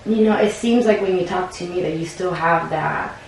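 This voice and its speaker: A woman counselor in a counseling session, calmly reflecting back what her client says. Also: fairly low pitch, normal speed, gravelly. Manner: calm, reflective paraphrasing. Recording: very echoey room, distant mic, faint noise.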